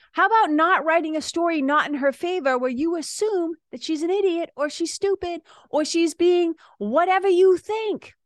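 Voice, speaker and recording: A woman's voice: high voice, no room sound, clean studio sound. Chatty woman. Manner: chatty, animated, many asides and laughs. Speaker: yoga and spiritual teacher. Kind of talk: casual talk.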